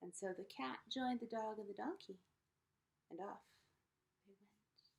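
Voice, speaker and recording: A teacher telling a story to children in an expressive way, dropping into whispers at times. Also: female voice, medium pitch, a little slow, gravelly, rough recording. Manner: animated, expressive, drops to whispers.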